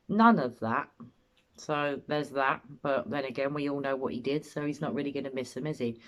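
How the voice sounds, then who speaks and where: Low-voiced British woman giving blunt commentary. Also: a little fast. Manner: opinionated, blunt, emphatic. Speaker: host and commentator. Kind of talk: statement analysis commentary.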